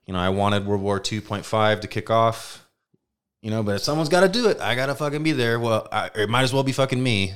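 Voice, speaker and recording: Man, low voice, smooth, podcast co-host, casual storytelling, swears, mimics others. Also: brisk. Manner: animated anecdote teller, mimics voices, swears.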